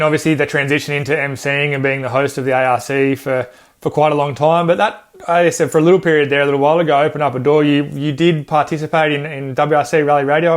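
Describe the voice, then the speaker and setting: A man hosting an interview, asking questions hesitantly and repeating words as he frames them. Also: fairly high pitch. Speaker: podcast host, interviewer.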